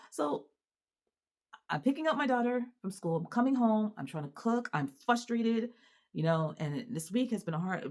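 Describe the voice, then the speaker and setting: Woman vlogger with a low voice, animated and exasperated as she vents off the cuff, full of restarts and fillers. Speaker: mother and vlogger. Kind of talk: casual venting monologue to camera.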